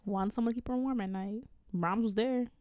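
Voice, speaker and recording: A woman's voice: a little high, fairly even intonation, fairly quick, darkish tone, dry recording. A woman co-hosting a podcast in casual, slangy chat, laughing often. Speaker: podcast co-host.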